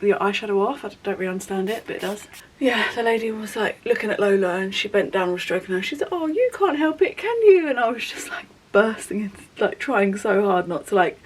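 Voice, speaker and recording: A young woman talks through a long personal story while she does her makeup, in a loose, candid, rambling way full of fillers. Her voice sits at an ordinary middle pitch, and the tone is a casual get-ready-with-me vlog. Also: husky, low-quality recording. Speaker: beauty vlogger. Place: at home doing makeup.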